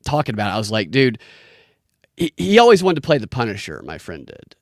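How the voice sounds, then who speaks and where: A man's voice: fairly low pitch, wildly swooping pitch, fast talker, darkish tone, no room sound, studio quality. A man hosting a podcast, telling long rambling stories in casual chat with lots of restarts. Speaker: podcast host.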